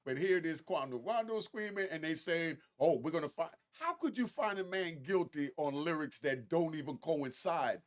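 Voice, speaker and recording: A man hosting a casual commentary, talking straight to his viewers and climbing to emphatic highs on key points. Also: moderate pace, hardly any pauses. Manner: animated, rising to emphatic high pitch on key points; conversational, addresses viewers directly. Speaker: commentary host.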